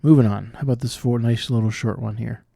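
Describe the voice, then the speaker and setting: Guy working thru crossword clues out loud, lowish mellow voice, explains as he goes, very dry sound. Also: fairly even intonation, fairly quick, creaky, no room sound. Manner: thinking aloud, explaining clues. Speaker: puzzle solver. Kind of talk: solving crosswords aloud.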